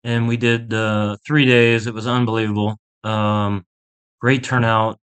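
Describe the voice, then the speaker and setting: A man's voice: lowish voice, little pitch movement, a little slow, a bit bright, smooth. A man from Pittsburgh, a golf instructor, chatting as a podcast guest, enthusiastic and rambling, laughing often as he tells stories. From Pittsburgh, USA. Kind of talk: casual interview chat.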